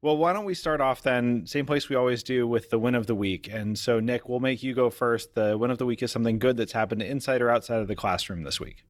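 A man's voice: medium pitch, brisk, hardly any pauses, no room sound, studio quality. Upbeat man hosting a podcast. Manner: upbeat, welcoming. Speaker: podcast co-host; coder who teaches. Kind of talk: casual podcast chat.

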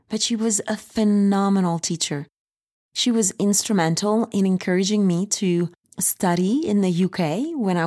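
Host: upbeat woman, slight French accent, a bit low-pitched, encouraging faith podcast talk. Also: darkish tone. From France.

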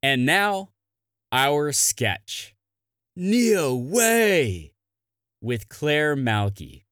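A man's voice: fairly high pitch, sing-song, extremely slow, a bit bright, smooth, no echo, clean studio sound. A man hosting a comedy podcast, chatting casually and plugging things in an upbeat, self-deprecating way. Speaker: podcast host. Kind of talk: casual podcast chat and promo.

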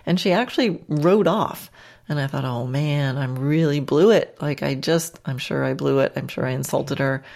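A woman's voice: low voice, creaky. A woman podcast host and riding instructor telling a casual, chatty story with self-deprecating humor and frequent laughs.

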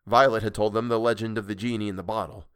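A man narrating a storybook in a measured, expressive reading. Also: fairly low pitch, smooth, no room sound, studio quality.

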